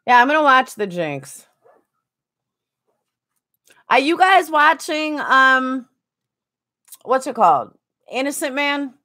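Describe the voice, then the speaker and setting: A woman's voice: high voice, sing-song, slow pace, pauses often, pushed and bright. A woman streaming a game, chatting casually and answering viewers by name. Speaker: game streamer reading chat. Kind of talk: casual chat while gaming.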